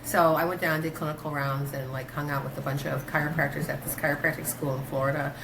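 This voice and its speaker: A woman doctor talking in a casual interview, rambling through stories with many fillers and restarts, her pitch jumping when she quotes herself. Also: fast, creaky, noisy background. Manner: animated, pitch jumps when quoting herself. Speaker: guest, doctor.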